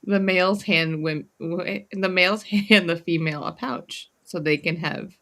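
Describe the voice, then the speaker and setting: A woman co-hosting a casual chat, easygoing and quick to agree. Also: fairly low pitch, a bit bright. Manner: easygoing, gives short agreeing replies.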